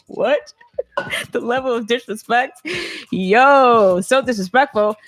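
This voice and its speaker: A woman co-hosts a casual podcast, her voice a bit high and close to the mic with little room sound. She talks in loud, profane banter and keeps breaking into laughter. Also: takes it slowly, no echo, faint music behind. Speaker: podcast co-host.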